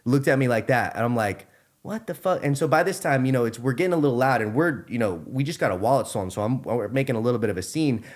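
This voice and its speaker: A young man hosting a podcast, telling a story in an animated, profane, casual way. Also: mid-range voice, quick pace, hardly any pauses. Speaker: podcast host.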